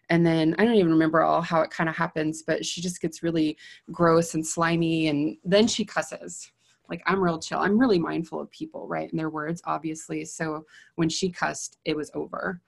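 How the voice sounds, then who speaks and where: A woman psychologist casually telling a story in a chatty, animated way, with lots of "like". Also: low-pitched, gravelly. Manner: chatty, animated, heavy use of "like".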